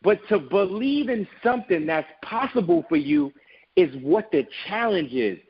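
A man with a husky, slightly raised voice tells a motivational story in an interview. His pitch swings widely as he makes his point. The sound is dull and lo-fi. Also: sing-song, moderate pace. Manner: storytelling, emphatic and preachy. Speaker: guest, business owner.

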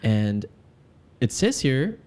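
A man's voice: medium pitch, sing-song, extremely slow, darkish tone. A man co-hosting a casual podcast chat, joking around as he reads points from his notes. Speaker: podcast co-host.

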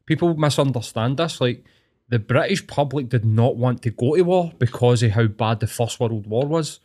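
A young man with a Scottish accent talks in a blunt, opinionated way, swearing as he goes. His voice sits at an ordinary middle pitch, and the tone is relaxed, casual chat. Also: normal speed.

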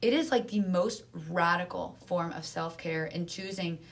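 A woman speaking earnestly in casual conversation, using lots of filler words and lively emphasis. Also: on the low side, normal speed. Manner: earnest, animated, many fillers.

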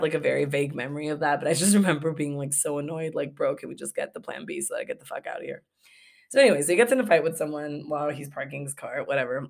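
A young woman from Los Angeles tells a story on her podcast. She talks in a low register with plenty of vocal fry. Her casual, profane delivery is broken up by laughter. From Los Angeles, USA. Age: young adult. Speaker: podcast host. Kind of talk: casual story-time monologue.

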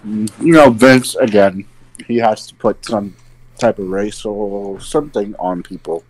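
Lowish-voiced guy cohost, rambling casual stories, lots of fillers. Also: unhurried, dry recording, rough recording. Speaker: podcast co-host. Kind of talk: casual chat.

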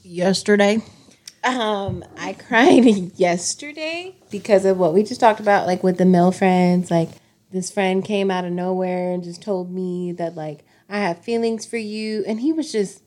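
A woman guest on a podcast, telling a personal story in an animated, indignant way. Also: medium pitch, a little slow. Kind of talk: casual chat.

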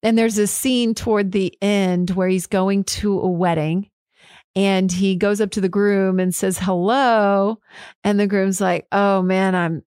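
A woman's voice: medium pitch, flat delivery, unhurried, mellow, clean tone, no echo, studio quality. A woman hosting her own podcast, talking candidly and frankly on her own, fired up and swearing now and then. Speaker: podcast host. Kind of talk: candid solo talk.

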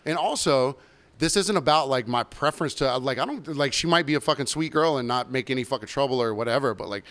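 Bartender co-host, man, clear rich tone, swears freely, loose storytelling. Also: medium pitch, expressive, quick pace, a bit bright. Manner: profane, rambling storytelling. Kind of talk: casual podcast chat.

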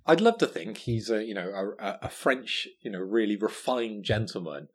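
A man hosting a casual podcast quiz, teasing the players and reading questions slowly. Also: lowish voice, sing-song, husky. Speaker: quiz master.

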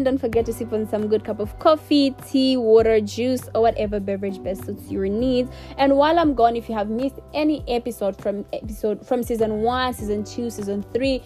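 A woman's voice: fairly high pitch, a little fast, hardly any pauses, faint music behind. Emotional young woman podcast host. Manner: emotional, laughing to hold back tears; warm and effusive, repeats thanks. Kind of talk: casual solo podcast outro.

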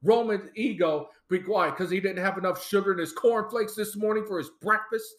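Excitable high-voiced man recapping wrestling. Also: a little fast. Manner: excitable, animated storyteller. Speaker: podcast host. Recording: roomy echo.

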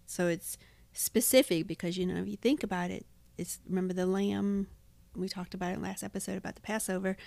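A woman co-hosting a Bible study podcast explains the symbols plainly in homely words during casual chat. Her voice sits in the mid-range, with no room sound.

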